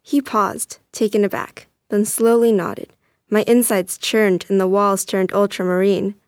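A young woman reading a first-person story aloud as narrator, earnest and steady. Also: mid-range voice, a little slow, no echo.

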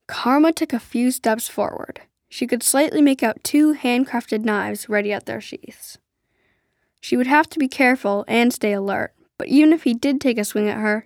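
A woman narrating an adventure story aloud in a steady storytelling way. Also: fairly high pitch, normal speed, no echo, clean studio sound. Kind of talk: storybook reading.

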